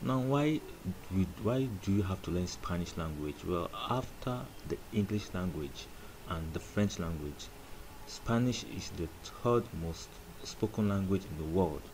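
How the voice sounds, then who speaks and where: Low-voiced man teaching a language lesson. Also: animated, noisy background. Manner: deliberate, repeats example words slowly.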